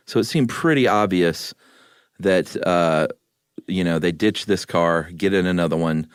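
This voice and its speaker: Man co-host, lower voice, relaxed storytelling, dry close sound. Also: a little slow, smooth, no echo. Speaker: podcast co-host. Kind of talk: casual chat.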